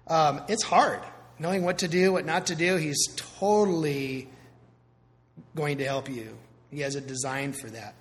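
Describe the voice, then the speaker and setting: Pastor, male, lively conversational sermon delivery; voice a touch high, church-hall reverb. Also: a little slow. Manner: conversational, animated preaching with asides.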